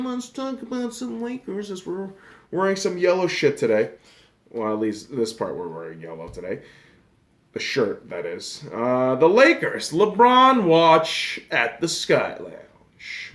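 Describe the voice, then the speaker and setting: A man hosting a podcast, ranting casually and profanely about sports, sarcastic, dropping to a mutter and then flaring into loud outbursts. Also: mid-range voice, roomy sound. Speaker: podcast host.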